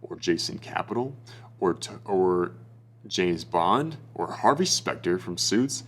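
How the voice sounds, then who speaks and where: Young man, lowish voice, blunt swearing dating coach, casual bro talk. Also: animated, takes it slowly, fairly bright tone. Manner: blunt, profane, bro-ish. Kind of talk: casual advice monologue.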